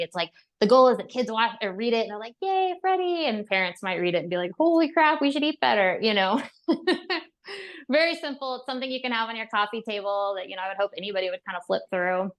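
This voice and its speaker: A woman dietitian and author as a podcast guest, chatting casually and telling animated stories with frequent laughs and fillers. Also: medium pitch. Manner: animated storyteller, laughs often, many fillers. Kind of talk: casual interview chat.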